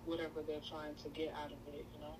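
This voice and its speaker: Low-voiced woman guest, hesitant. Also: level tone, fast talker, darkish tone, a little hiss or hum, low-quality recording. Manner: hesitant, thoughtful, many fillers. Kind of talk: casual faith chat.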